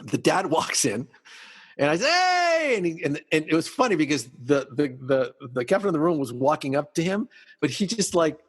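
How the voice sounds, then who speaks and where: Husky man telling lively party stories. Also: a little high, fairly quick, in a large hall. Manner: animated storyteller acting out dialogue. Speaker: podcast host, party DJ and MC. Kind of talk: casual storytelling chat.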